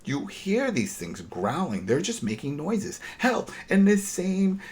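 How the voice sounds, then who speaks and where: A man with a high voice and slow pace recaps a TV episode as a podcast co-host. Casual yet animated and exasperated, he keeps restarting his sentences.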